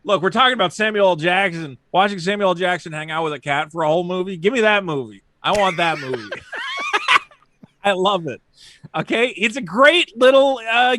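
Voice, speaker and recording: A man's voice: sits high, sharp tone, no echo. A man, a sarcastic film critic, mocking a movie's lines in a playful debate. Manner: sarcastic, mocks lines in silly voices. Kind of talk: playful debate, arguing a side.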